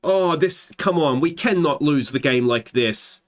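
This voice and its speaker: An Australian man hosting a football management let's play, calling his match like a commentator and swinging into excited shouts at big moments. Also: on the high side, measured pace. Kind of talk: gameplay commentary.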